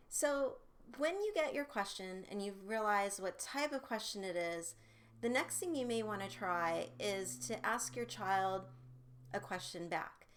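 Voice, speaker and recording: A woman's voice: mid-range voice, fairly bright tone. A woman sexual health educator giving upbeat, conversational parenting advice straight to camera, with casual fillers.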